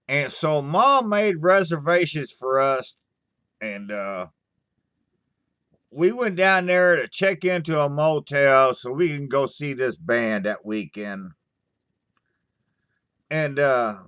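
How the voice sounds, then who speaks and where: A man hosting a livestream, chatting casually with viewers in a halting, stammering way, swearing often and sighing between thoughts. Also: on the high side, bright, forceful tone, clean tone, no room sound, studio quality. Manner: slow, sighing storytelling. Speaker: livestream host answering chat. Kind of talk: casual rambling chat.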